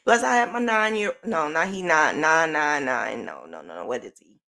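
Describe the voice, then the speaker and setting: A middle-aged woman hosting a podcast, telling a personal story in a chatty, animated way with sighs and self-corrections. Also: deep voice, moderate pace, vocal fry. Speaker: podcast host.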